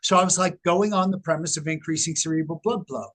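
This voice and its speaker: A middle-aged man, a researcher, telling his story in an interview with animated, emphatic delivery. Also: fairly high pitch, quick pace. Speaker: guest, researcher. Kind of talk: casual interview talk.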